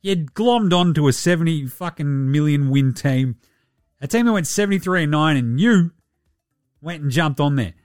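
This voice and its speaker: A man's voice: fairly high pitch, expressive, normal speed, no room sound, clean studio sound, soft background music. An Australian man hosting a podcast, chatting casually and rambling with plenty of swearing and jokes. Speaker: podcast host. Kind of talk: casual sports chat.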